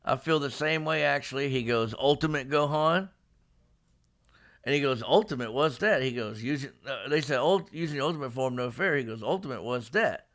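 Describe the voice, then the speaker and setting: A man hosting a casual live-streamed manga discussion, retelling scenes with lively put-on character lines and frequent laughs. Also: mid-range voice, moderate pace. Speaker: podcast host. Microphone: live stream microphone.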